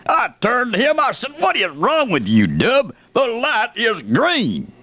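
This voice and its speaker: A man's voice: extremely high pitch, wildly swooping pitch, a little slow, sharp tone, dry recording, voice pushed up, full character voice. Guy doing a hollering redneck, folksy rant, voice jumps all over. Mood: indignant rant. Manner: ranting, folksy, indignant. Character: loud indignant redneck man ranting. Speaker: radio comedian.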